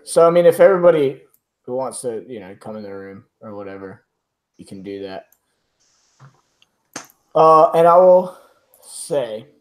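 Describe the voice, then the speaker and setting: A man narrating as game master, casual with lots of filler words, reading room descriptions slowly. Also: mid-range voice, a little mellow.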